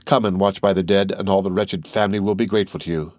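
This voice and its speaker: A man voicing a kindly doctor in a read-aloud story, speaking in a gentle, earnest way. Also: low-pitched, fairly even intonation, quick pace, no room sound, studio quality, lightly acted.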